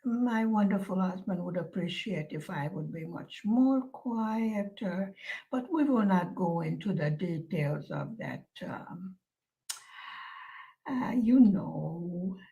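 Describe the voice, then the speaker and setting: Slow, soft-spoken woman vlogger. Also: lowish voice, expressive, low-quality recording. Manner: soft-spoken and musing, with many pauses and fillers. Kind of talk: casual chat to viewers. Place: lives in Hungary.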